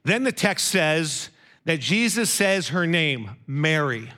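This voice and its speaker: A man's voice: fairly high pitch, very animated, slow, bright, forceful tone. A man preaching a sermon in a conversational way, often asking his listeners questions.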